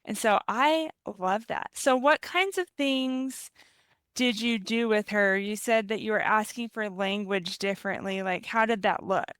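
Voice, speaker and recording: Woman, podcast host, smooth resonant voice, mid pitch, affirming, encouraging. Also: unhurried, a bit bright, no room sound. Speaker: therapy company owner. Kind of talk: casual interview chat.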